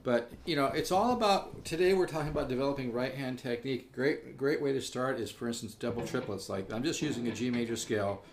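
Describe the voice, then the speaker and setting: A man's voice: medium pitch, fairly quick, hardly any pauses, noisy background. A man giving a casual guitar lesson, who rambles, repeats words and sings out rhythms as he explains. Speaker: guitar teacher. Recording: guitar music playing behind.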